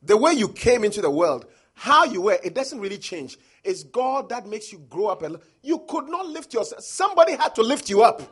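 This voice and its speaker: A man's voice: sits high, very animated, normal speed, few pauses, fairly bright tone, slightly rough. A man preaching a sermon, emphatic, quoting scripture and rising and falling in force.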